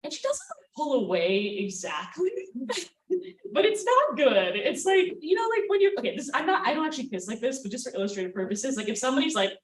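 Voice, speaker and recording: A woman's voice: sits high, big pitch swings, a little fast. A woman telling a self-mocking personal story at a live storytelling night, casual and full of fillers. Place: event space with audience. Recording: roomy sound from far off the mic.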